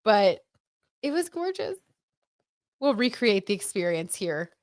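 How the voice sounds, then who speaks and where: A woman's voice: medium pitch, very animated, unhurried, no echo, clean studio sound. A young woman hosting a tarot livestream, chatting casually with viewers and gushing about what she sees in the cards. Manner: chatty, gushing, many "like"s and "oh my God"s; reads out viewer comments.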